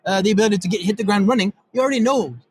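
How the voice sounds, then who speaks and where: A man guest giving a casual technical demo, excitable and rambling with lots of fillers. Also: sits high, very fast, breathy edge, poor audio. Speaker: guest developer demonstrating software. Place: recorded in Europe.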